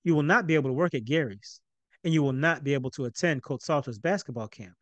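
A man reading a calm, firm father. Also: fairly high pitch, dry recording, close to an everyday voice. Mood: measured. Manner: measured and deliberate.

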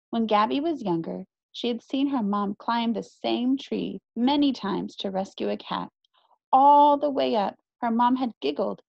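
A woman teacher reading a children's novel aloud in an expressive storytelling way. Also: medium pitch, vocal fry, no room sound. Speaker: middle school teacher. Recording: dry, slightly muffled recording.

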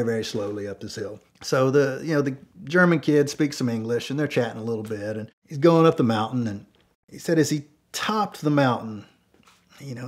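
Husky-voiced man telling a story. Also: medium pitch, darkish tone. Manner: rambling, peppered with "you know". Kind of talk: casual spoken storytelling.

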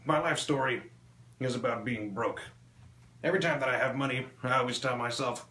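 A man performs a crude stand-up set, firing off deadpan one-liners. His voice is bright and forceful at an ordinary pitch. The sound is roomy and echoey, with a faint ambient hum behind him. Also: a little fast. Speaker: stand-up comedian. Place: small club stage.

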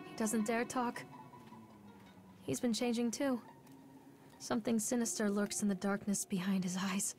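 A woman plays a troubled mother in a horror game, her voice a little high and strained. She speaks in a tense, brooding way, and clear music plays behind her. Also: natural voice. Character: troubled mother searching for her lost son. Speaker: game protagonist. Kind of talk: horror game voice acting, inner monologue.

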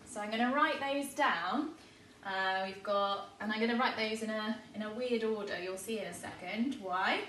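A woman with an English accent, a primary school teacher giving a spelling lesson to young children at a chalkboard, talking in a bright, encouraging way and sounding every word out clearly. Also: medium pitch, moderate pace, far from the mic, a little hiss or hum. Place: classroom with a chalkboard. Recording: echoey room, voice away from the mic.

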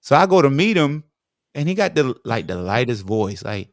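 Animated former football player telling stories. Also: male voice, mid-range voice, moderate pace, no echo. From Virginia. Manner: lively, acts out voices in his anecdotes. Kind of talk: animated storytelling interview.

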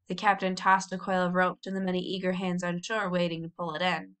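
A woman reading a children's novel aloud as a storybook narration, lively, with brief cheerful voices for the characters. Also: on the low side, normal speed. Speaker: audiobook reader.

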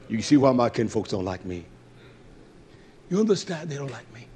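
A man preaching a fiery sermon, cursing and shouting, then dropping to low muttering. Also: sing-song, normal speed, pauses often, breathy edge. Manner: shouting, cursing and swinging between loud outbursts and low muttering. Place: religious feast gathering.

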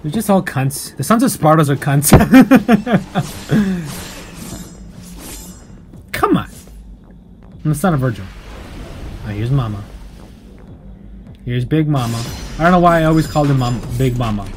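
A young man with a mid-range voice commentates his gameplay in a casual let's-play, animated and brisk but with long pauses. He swears freely and flares into angry outbursts at the game before settling back into chatty explanation. Game music plays in the background.

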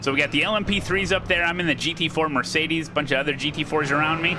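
A man's voice: fairly high pitch, fairly even intonation, quick pace, background noise. An American man streaming a racing sim, chatting casually, joking and thanking viewers as he drives. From United States. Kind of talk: casual gameplay commentary.

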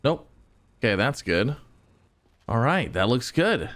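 Excitable man narrating his gameplay. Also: medium pitch, slow pace. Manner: excitable, talks to himself and viewers, frequent exclamations. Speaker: gaming channel host. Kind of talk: casual game commentary.

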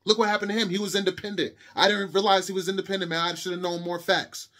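A man's voice: high-pitched, flat delivery, quick pace, bright, forceful tone. A young adult man giving a heated monologue to camera, impassioned and repetitive, lecturing his viewers. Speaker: video commentator.

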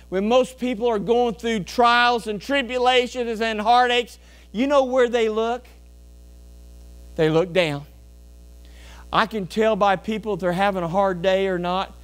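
A man preaching in a church with a very high voice, folksy and animated. He keeps tossing questions out to the congregation. A low electrical hum runs under the whole recording. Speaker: pastor. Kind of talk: sermon. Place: church sanctuary.

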